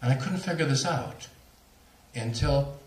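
A man's voice: medium pitch, measured pace, recorded from a distance. Man telling a story in a roomy hall. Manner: animated, laughing storyteller. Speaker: lecturer on near-death experiences. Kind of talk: storytelling at a talk.

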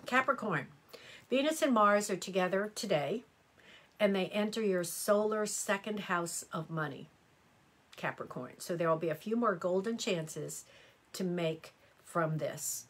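A middle-aged woman with a husky, medium-pitched voice reads horoscopes on a live stream, speaking a little slowly and expressively. She's chatty and exclamatory, responding to viewer comments as she goes.

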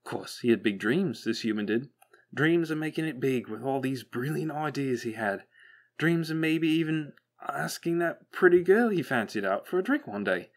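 A man voicing a manic, chattering male robot who rambles flippantly and bitterly, jumping high in pitch when excited. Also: normal speed. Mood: mock storytelling. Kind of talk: audiobook character voice.

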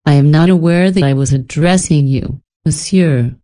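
A woman reading the part of an insolent, ironic gentleman stranger in an audiobook, speaking with disdain. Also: low voice, moderate pace, natural voice.

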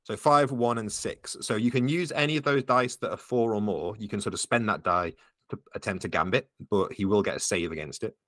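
A man's voice: fairly low pitch, brisk, fairly bright tone, dry recording. A man running a tabletop game as game master, explaining the rules patiently with frequent ums.

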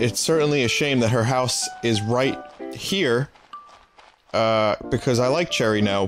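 A man streaming a life-sim game, rambling in sarcastic, profane commentary. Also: medium pitch. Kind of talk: let's play commentary. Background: game music.

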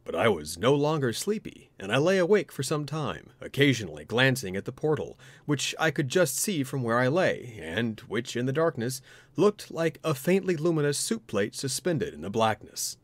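A man narrating a ghost story in an expressive, dramatic reading. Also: mid-range voice, moderate pace, no room sound.

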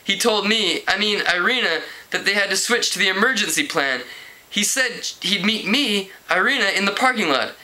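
A man's voice: high voice, expressive, moderate pace, sharp tone, voice pushed up, full character voice, poor audio. A man reading a book aloud and voicing a tearful young woman who talks through sobs. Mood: distraught. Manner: sobbing, distraught.

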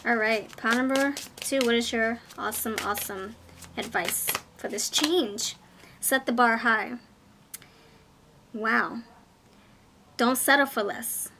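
A woman giving a casual pick-a-card tarot reading, chatty and easily excited. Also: fairly high pitch, unhurried, pauses often, slight background noise. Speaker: tarot reader.

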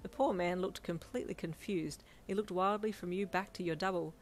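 A woman narrating her own fanfiction in a steady, gentle storytelling voice. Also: lowish voice, a little fast, a little hiss or hum. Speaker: fanfiction reader. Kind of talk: scripted narration.

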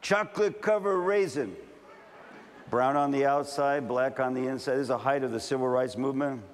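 A man's voice: mid-range voice, fast. A male pastor in his fifties, from California, delivers a sermon at a large camp meeting. He tells stories with animation and acts out the voices in his dialogue. His voice rings with a long hall reverb over a faint background hum. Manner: animated storytelling, acting out dialogue.

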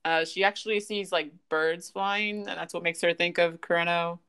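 A woman hosting a casual podcast, retelling scenes in an animated way and laughing often. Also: lowish voice, normal speed, clean tone. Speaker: podcast host. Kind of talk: casual chat, recapping an anime.

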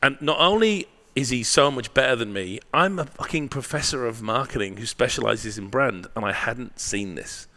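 A man's voice: medium pitch, animated, normal speed, hardly any pauses, sharp tone. A man, a marketing professor guesting on an interview, telling a candid story with blunt swearing and frequent tag questions.

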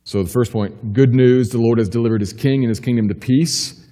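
A pastor preaching a sermon with emphatic delivery, rising to urgent questions and dropping to quiet assurance. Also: male voice, medium pitch, steady tone, a little fast, in a large hall. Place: church sanctuary.

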